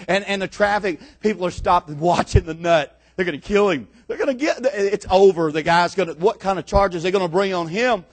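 A man preaching a sermon, moving from calm scripture reading to loud, dramatic storytelling with repeated phrases. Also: sits high, a little fast, hardly any pauses. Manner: builds from calm to shouting storytelling; dramatic, repetitive preaching cadence.

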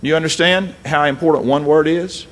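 A man's voice: on the high side, steady tone, normal speed, a bit bright. A man preaching a folksy, emphatic sermon, reading scripture and adding asides.

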